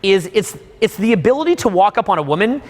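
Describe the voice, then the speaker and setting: A man coaching a live seminar audience, animated, suddenly bursting into loud acted-out examples. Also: sits high, fast. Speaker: dating coach. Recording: long hall reverb.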